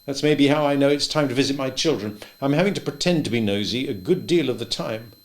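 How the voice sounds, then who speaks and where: A man voicing a wry, stubborn old male farmer who speaks gently and thoughtfully, a bit louder than his narration. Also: medium pitch, fairly quick, voice pushed up, close to an everyday voice. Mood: wistful.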